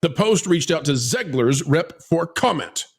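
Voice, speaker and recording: Animated sarcastic male commentary host. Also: on the high side, measured pace, breathy edge. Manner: mocking, theatrical, reads articles aloud with asides. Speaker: host of entertainment commentary channel.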